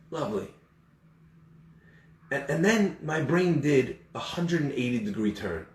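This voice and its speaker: A man's voice: medium pitch, a little slow, long pauses. A man telling a story in a sermon, acting out the people in it. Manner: animated storyteller acting out voices. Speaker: speaker giving a talk. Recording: echoey room, far from the mic.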